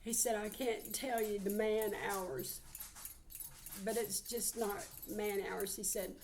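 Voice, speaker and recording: A woman's voice: medium pitch, level tone, slow, darkish tone. A woman, giving a heartfelt channeled psychic reading. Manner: heartfelt, earnest, relays messages.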